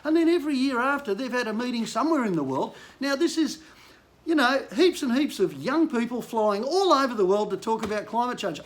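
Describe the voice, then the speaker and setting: A man's voice: extremely high pitch, animated, a little fast. An older man from Queensland with an Australian accent, a bush mechanic venting frustration in a blunt political rant to camera. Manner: frustrated, blunt, rising to angry outbursts.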